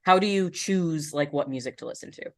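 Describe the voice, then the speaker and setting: A woman hosts a casual podcast chat with a somewhat low-pitched voice. She talks freely and thoughtfully and asks her guest open questions. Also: fairly quick. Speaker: podcast host.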